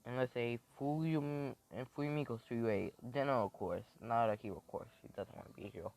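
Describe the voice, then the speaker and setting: Male storyteller, mid-range pitch, improvised fan-fiction narration, rambling and loose. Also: fairly quick, creaky, darkish tone, low-quality recording. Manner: rambling, thinking aloud with fillers and restarts.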